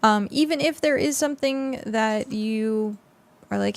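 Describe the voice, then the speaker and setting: A woman's voice: a little high, steady tone, unhurried, gravelly. A young adult woman streamer chatting casually with her viewers on a close mic, rambling with lots of fillers. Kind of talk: casual livestream chat with viewers.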